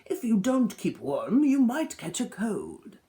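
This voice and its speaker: A woman's voice: a little high, wildly swooping pitch, slow, warm tone, full character voice. A woman voicing a firm, caring raccoon father in a storybook read-aloud, cautioning.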